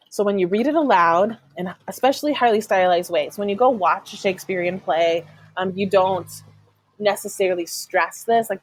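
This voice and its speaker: A woman teacher records an online lesson, explaining patiently with frequent "um"s and sounding out stress patterns. Her voice is mid-range and the recording is dry.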